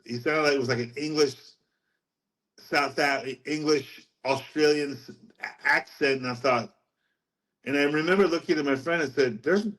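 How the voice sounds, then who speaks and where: Animated man telling his story. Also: fairly high pitch, moderate pace, poor audio. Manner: rambling, animated storyteller who laughs at his own stories. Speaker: podcast guest. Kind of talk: casual testimony storytelling.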